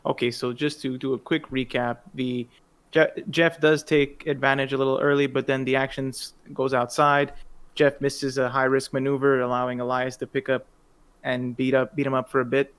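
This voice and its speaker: A man co-hosting a podcast, commenting on wrestling matches in a measured, wry way. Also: medium pitch, little pitch movement, fairly bright tone, smooth. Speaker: podcast co-host. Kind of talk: casual wrestling review chat.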